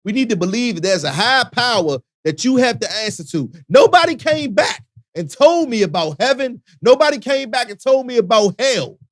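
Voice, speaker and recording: High, lively-voiced radio host. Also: male voice, moderate pace, dry recording, studio quality. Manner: animated, preachy, conversational with slang. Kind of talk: casual radio talk.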